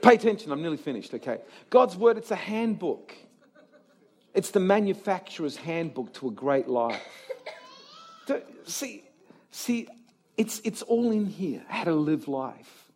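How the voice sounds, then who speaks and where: A man preaching in church, his fairly high voice leaping up and down as he urges the congregation on. He drops low and quiet, then climbs into shouted exhortation, peppering the room with rhetorical questions. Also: very animated, a little slow, slight background noise. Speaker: pastor. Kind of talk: sermon. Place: church service before a live congregation.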